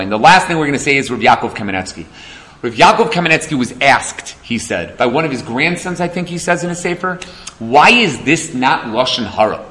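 A man's voice: medium pitch, a bit bright. A man giving a Torah class, telling stories and acting out the quotes. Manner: storytelling, acting out quotes, laughs along. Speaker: Torah lecturer.

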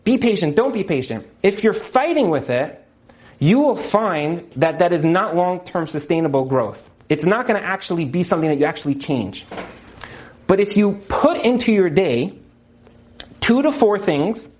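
High-voiced emphatic male teacher. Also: sing-song, normal speed, darkish tone. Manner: emphatic, repeats key points, acts out quotes. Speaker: religious teacher and counselor. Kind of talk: motivational religious talk.

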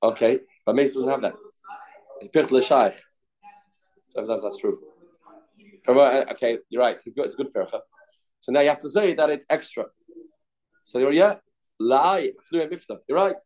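Leading a Talmud class, this teacher speaks at normal speed in a middle-pitched, somewhat dark voice, pausing often. He repeats phrases in a sing-song chant, switches between English and Hebrew and Aramaic terms, and breaks off occasionally to take students' questions.

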